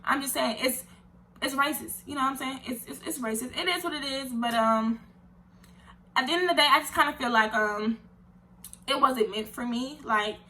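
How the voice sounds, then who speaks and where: A young woman, telling an animated, indignant storytime vlog full of slang. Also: high voice, moderate pace. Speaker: vlogger.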